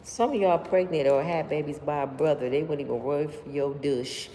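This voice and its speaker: A woman hosting a livestream, telling stories straight to her viewers in an animated, slangy way. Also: low voice, moderate pace. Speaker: livestream host. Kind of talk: casual storytelling to live viewers. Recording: long room reverb, faint background noise.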